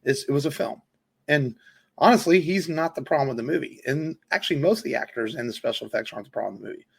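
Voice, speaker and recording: Gravelly man in casual podcast chat. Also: medium pitch, animated, quick pace. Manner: rambling, many fillers and restarts. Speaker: podcast co-host.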